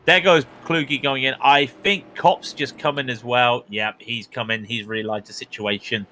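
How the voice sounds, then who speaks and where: A man from Britain calling a sim race live, chatty and excitable, his voice rising on the big moments. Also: mid-range voice, a little slow, a little hiss or hum. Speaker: sim racing commentator. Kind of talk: live esports race commentary.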